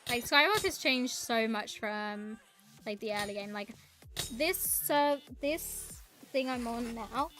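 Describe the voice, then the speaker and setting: A woman's voice: fairly high pitch, slow, fairly bright tone, soft background music. A young woman streaming a game, chatting in a rambling, casual way and greeting her viewers. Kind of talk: casual live-stream chat while gaming.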